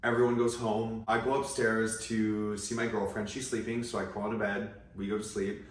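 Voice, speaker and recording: A man's voice: fairly low pitch, level tone, normal speed, recorded from a distance, a little hiss or hum. Young man, casual storytelling, chatty with many asides, echoey room, away from the mic. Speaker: vlogger. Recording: roomy echo, away from mic.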